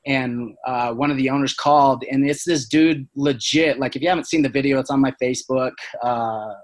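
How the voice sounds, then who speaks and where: A man's voice: mid-range voice, steady tone. A man talking as a business-owner guest in a casual podcast chat, rambling through stories with plenty of fillers and tag questions. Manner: rambling, fast, full of fillers and "right?".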